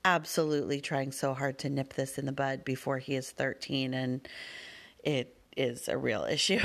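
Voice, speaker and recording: A woman with a notably low voice tells a family story as a mother, chatting casually to her listeners. She talks at length, wanders through her story and leans on plenty of fillers. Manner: wordy, rambling, with many fillers.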